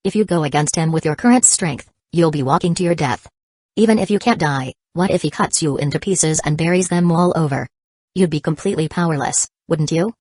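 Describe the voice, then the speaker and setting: A woman gives voice to a calculating young ninja man in a storybook. He reasons in a steady, persuasive way. Her voice sits low and dry. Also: brisk, dry recording. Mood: calm.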